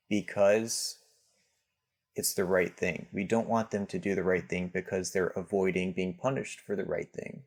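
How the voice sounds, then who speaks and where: A man speaking as a podcast guest, explaining parenting ideas in a relaxed conversational way with frequent fillers and restarts. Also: low-pitched. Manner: hesitant, many restarts and fillers.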